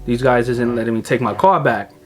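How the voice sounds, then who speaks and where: A man's voice: mid-range voice, fairly quick. A young man vlogging about cars, telling a story casually and animatedly, swearing freely and acting out what other people said. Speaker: car vlogger.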